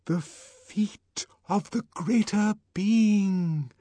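A man voicing a deep, musical, supernatural male voice that speaks slowly from above. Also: very animated, dark tone, dry recording, heavily acted. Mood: whispering. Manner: intoning slowly, drawn out.

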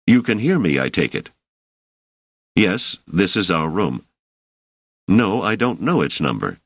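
A man's voice: deep voice, big pitch swings, a little slow, husky, no echo, pitched above the performer's own voice, exaggerated voice. A man playing a wry, impatient scholar. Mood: exasperated. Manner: dryly ironic, exasperated.

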